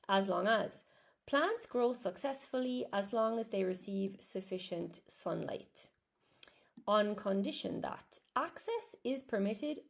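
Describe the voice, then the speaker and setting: A woman's voice: mid-range voice, creaky, darkish tone. Chatty Irish woman teaching English live. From Ireland. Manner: chatty, answers viewers' comments. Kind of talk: live-stream lesson.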